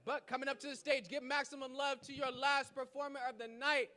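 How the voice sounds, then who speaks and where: A man hosting a poetry slam, loudly announcing judges' scores and calling up poets. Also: very high voice, flat delivery, a little fast. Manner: loud, hyping up the crowd. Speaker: slam host.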